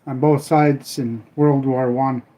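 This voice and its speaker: A man's voice: medium pitch, flat delivery, slow pace, dark tone. An older man from Minnesota hosting a live stream, chatting casually in a rambling, folksy way while he cooks. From Minnesota, USA. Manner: rambling, folksy, trailing off with "I don't know"; cooking while he talks. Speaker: livestream host.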